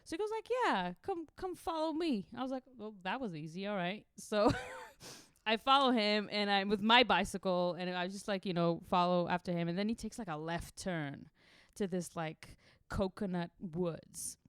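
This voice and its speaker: A woman's voice: medium pitch, normal speed, a bit bright, smooth, no room sound, studio quality. A young woman from Israel, a podcast co-host, telling a wild travel story casually, swearing freely and laughing through it.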